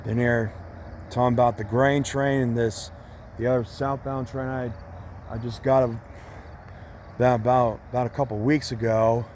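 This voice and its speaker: A man filming trains trackside outdoors, talking casually and excitedly, repeating himself and calling out locomotive numbers. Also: medium pitch, normal speed, pauses often. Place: outdoors beside a railway line. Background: passing train, outdoor noise.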